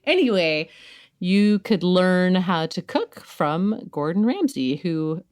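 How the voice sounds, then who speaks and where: A woman's voice: lowish voice, big pitch swings, slow, darkish tone. A woman podcast co-host doing a casual, joking host-read ad and laughing often.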